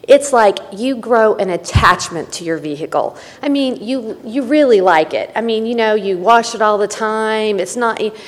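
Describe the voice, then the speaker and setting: A woman's voice: medium pitch, normal speed, few pauses. A middle-aged woman telling her personal story at a recovery meeting, candid and folksy with wry asides. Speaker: speaker sharing at a recovery meeting. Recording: long hall reverb.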